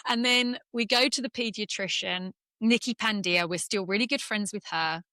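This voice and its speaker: Bright-voiced woman telling her story. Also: mid-range voice, normal speed, no room sound. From England. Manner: candid and emotional, close to tears. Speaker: interview guest, former golfer. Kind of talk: personal storytelling.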